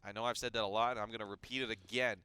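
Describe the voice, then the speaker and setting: Guy calling esports play by play, bright sharp voice, gets hyped fast, cracks jokes. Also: fairly low pitch, a little hiss or hum. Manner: quick, excitable play-by-play with jokey asides. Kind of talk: live esports commentary.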